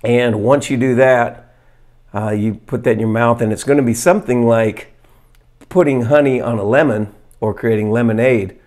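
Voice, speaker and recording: A man vlogging, earnestly explaining and demonstrating a fermented food to camera, reading study excerpts aloud and pausing on fillers. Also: mid-range voice, darkish tone. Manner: earnest, plain-spoken, pauses with fillers. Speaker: health vlogger.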